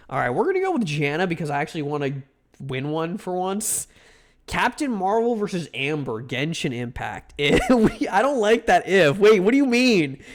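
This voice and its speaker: A fairly high-voiced man chats on a live stream, crude and playful. He leaps up in pitch when excited and talks into a desk mic. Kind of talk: casual chat.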